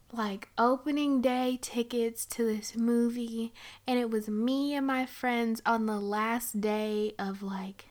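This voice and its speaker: A young woman giving a casual movie review, chatty and sarcastic, with frequent giggles and rambling asides. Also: a little high.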